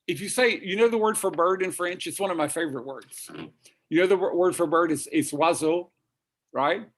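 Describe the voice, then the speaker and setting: High-voiced male vocal coach, encouraging, demonstrates phrases, video call. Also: fairly quick. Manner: encouraging, demonstrative, sings and speaks example phrases. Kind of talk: virtual master class coaching.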